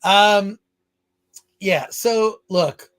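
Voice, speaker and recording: Man, podcast host, high pitch, rambling, jokey, reads viewer comments. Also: drawn-out words, fairly bright tone, smooth. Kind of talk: live-stream chat.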